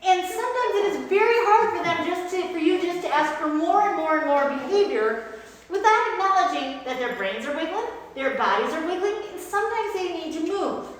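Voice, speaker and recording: Brief: high-voiced, upbeat woman dog trainer, very echoey hall, faint hiss. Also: expressive, brisk. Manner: upbeat, praising the puppy between explanations. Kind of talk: instructional dog training demo.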